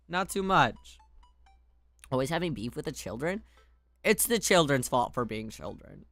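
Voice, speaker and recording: A woman's voice: low-pitched, sing-song, moderate pace, no echo, faint music behind. A woman streaming a game, chatting playfully with viewers, swearing and laughing as she reacts. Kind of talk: casual game streaming chat.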